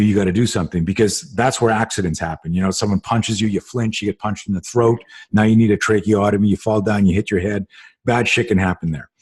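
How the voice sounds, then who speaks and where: Middle-aged male self-defense instructor, husky voice, animated and profane interview storyteller. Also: fairly low pitch.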